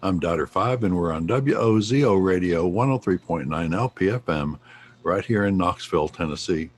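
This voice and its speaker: A man co-hosting a community radio show, reading announcements and station details in a steady announcer manner. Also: low-pitched, moderate pace, slight background noise.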